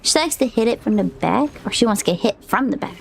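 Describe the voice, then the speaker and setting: A woman's voice: fairly high pitch, vocal fry. A young woman streaming a game live, shrieking, laughing and pleading as she plays. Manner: excitable, shrieking and laughing under pressure; swears and pleads rapidly. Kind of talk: live gaming stream commentary.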